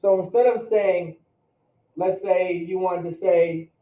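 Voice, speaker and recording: Distant teacher's voice in a roomy hall. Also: male voice, high voice, fairly even intonation, takes it slowly, phone-quality sound. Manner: patient, checks understanding with repeated questions. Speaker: Hebrew class teacher. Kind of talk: classroom teaching.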